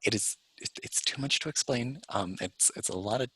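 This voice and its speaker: A man's voice: medium pitch, moderate pace, a bit bright, slightly rough, dry recording. A man playing in a tabletop game, talking in a laid-back way. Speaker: player. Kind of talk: tabletop role-play.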